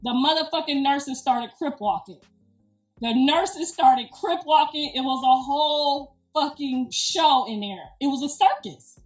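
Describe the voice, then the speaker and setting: A middle-aged woman, a grandmother, telling a story in an animated, emphatic, slangy way with plenty of swearing. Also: high-pitched, measured pace. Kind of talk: casual storytelling. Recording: echoey room, distant mic, faint music.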